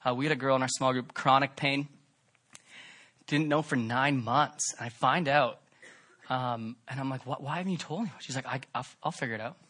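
A man preaching a sermon, fervent and emphatic, rising to loud peaks and dropping to soft, pleading tones. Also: medium pitch, moderate pace. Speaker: pastor.

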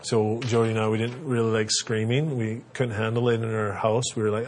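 Husky-voiced man giving parenting advice. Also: fairly low pitch, flat delivery, normal speed, hardly any pauses. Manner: earnest, conversational with fillers. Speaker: parenting speaker. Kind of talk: instructional talk.

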